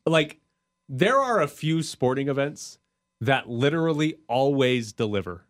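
A man hosting a casual sports talk show, animated and quick to laugh. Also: medium pitch.

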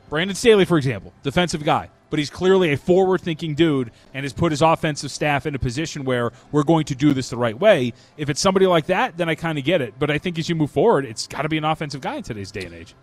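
A man co-hosting a sports talk radio show, giving emphatic, opinionated takes. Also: on the high side. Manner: opinionated, emphatic, self-mocking. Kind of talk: casual sports radio banter.

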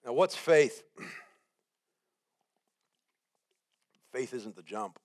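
A man gives a sermon as guest preacher, telling his story in an animated way and acting out what went through his head. He builds his points with repeated phrases that rise in emphasis. His voice sits at an ordinary middle pitch for a man. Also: very slow. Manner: animated storytelling, acts out his own panic and quotes.

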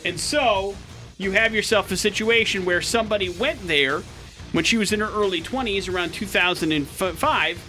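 A man's voice: sits high, normal speed, soft background music. A young man hosting a morning radio show, joking with his co-host and running a call-in contest. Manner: energetic, joking, talks listeners through a contest. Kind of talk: casual radio banter.

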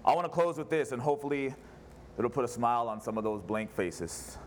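A man's voice: medium pitch, expressive, brisk, slight background noise. A pastor preaching a sermon in church, an impassioned man who fires off rhetorical questions. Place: church service.

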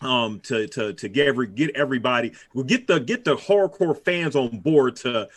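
A man's voice: medium pitch, normal speed, dry recording. Rambling man on a dry mic. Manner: rambling, many fillers and restarts, laughs often. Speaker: podcast co-host. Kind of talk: casual chat.

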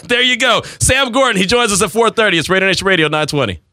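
A man's voice: high voice, animated, fast. A man in his forties hosting a sports radio show, talking in teasing banter and laughing often. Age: 40s. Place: radio studio.

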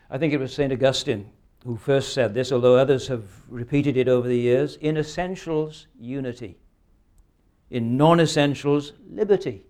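A man's voice: mid-range voice, a little mellow. A man in his sixties preaching a sermon, earnest and emphatic, often ending points with rhetorical questions. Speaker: pastor.

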